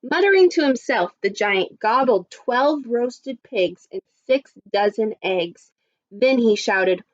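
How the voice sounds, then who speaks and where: A woman teacher reading a story aloud to children, expressive and adding little asides. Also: on the high side, takes it slowly, muffled recording. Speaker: primary school teacher.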